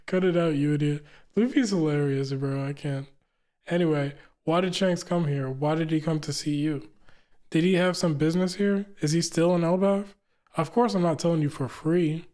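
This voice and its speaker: A man giving relaxed reaction commentary while reading comic dialogue aloud, chatty and laughing often. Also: a little high, moderate pace. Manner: relaxed and chatty, laughs often, keeps saying "you know what I'm saying". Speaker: manga reaction streamer.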